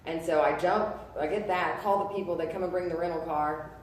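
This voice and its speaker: A woman in her thirties giving a personal testimony, earnest and halting, full of fillers and restarts. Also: low-pitched, fairly even intonation, slight background noise. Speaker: testimony speaker. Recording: echoey room, voice from a distance.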